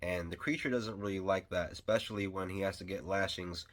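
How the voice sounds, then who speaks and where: A man's voice: deep voice, fairly even intonation, fairly quick, fairly bright tone. A man giving a casual spoken film review, rambling and enthusiastic, with lots of fillers and restarts. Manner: enthusiastic fan.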